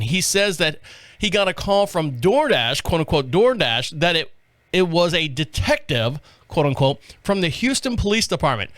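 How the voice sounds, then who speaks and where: A man's voice: a little high, big pitch swings, moderate pace, a bit bright, no room sound. A man hosting a talk podcast in a small studio, rambling and chatty as he reads stories, often tripping over names. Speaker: podcast host. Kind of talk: casual talk show monologue. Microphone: studio mic on a stand.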